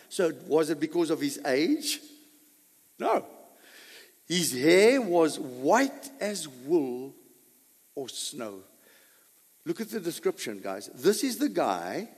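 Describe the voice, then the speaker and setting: A man preaching a sermon as pastor, full of rhetorical questions and sudden loud bursts. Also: on the high side, creaky. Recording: long hall reverb.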